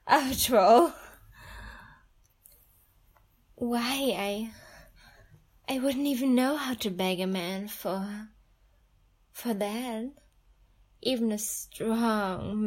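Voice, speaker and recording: A woman's voice: fairly high pitch, slow, a little mellow. A woman playing a breathless, pleading young princess. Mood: coy teasing. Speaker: audio role-play performer. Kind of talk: intimate audio role-play.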